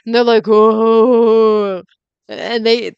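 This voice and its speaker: A woman's voice: on the high side, unhurried, a bit bright, clear, resonant tone, no room sound, lo-fi sound. A woman running a tabletop game as game master, rambling with many fillers and giggling often.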